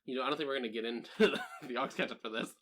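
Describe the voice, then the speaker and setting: A man's voice: medium pitch, racing, a bit bright, a little hiss or hum. A man co-hosting a casual podcast, tossing in short joking interjections. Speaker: podcast co-host. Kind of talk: casual chat.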